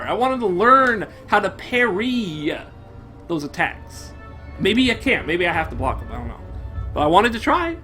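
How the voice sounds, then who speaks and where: A young man streaming a game live, commenting in an excitable, profane way and bursting into shouts. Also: high voice, moderate pace, soft background music.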